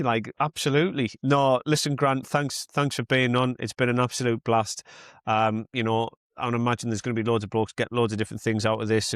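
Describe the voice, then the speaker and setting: A man's voice: medium pitch, no echo. Chatty man hosting, dry sound. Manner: chatty, rambling, swears casually. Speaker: podcast host. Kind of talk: casual podcast chat.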